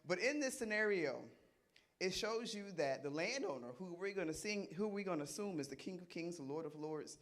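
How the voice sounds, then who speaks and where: Man, middle-aged, Bible study teacher, interactive sermon, fairly high voice, playful, questions the audience. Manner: conversational, asks the audience questions and repeats their answers; animated and playful, laughs often.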